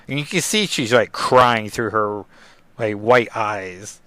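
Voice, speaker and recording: A man's voice: fairly low pitch, takes it slowly, sharp tone, smooth, dry recording. A man hosting a podcast, recapping a comic book casually with lots of fillers. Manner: rambling, many fillers like 'like' and 'um'. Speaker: podcast host.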